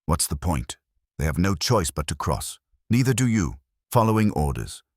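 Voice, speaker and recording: A man's voice: low-pitched, very animated, normal speed, no echo, studio quality. A man voicing a gaunt young woman refugee who speaks in a bitter, sardonic way.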